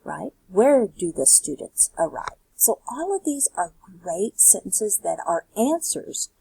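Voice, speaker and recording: In a recorded worksheet lesson, a Spanish teacher explains the material step by step and poses rhetorical questions. Her mid-range voice is mellow and husky with vocal fry, sing-song and unhurried, in a low-quality recording with no echo.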